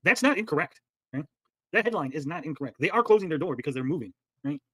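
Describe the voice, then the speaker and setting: A man's voice: on the high side, big pitch swings, fast, bright, forceful tone, no echo. A man hosting a livestream, arguing heatedly and swearing as he reacts to clips. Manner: heated, argumentative, swears a lot. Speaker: livestream commentary host. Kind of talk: casual profane stream commentary.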